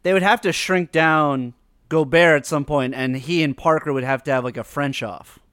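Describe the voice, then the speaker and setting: Young male co-host, slightly high, dry close sound, eager and stumbling into his points. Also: normal speed, clear, resonant tone, dry recording. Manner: excitable, stammers when starting a thought. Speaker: podcast co-host. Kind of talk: casual chat.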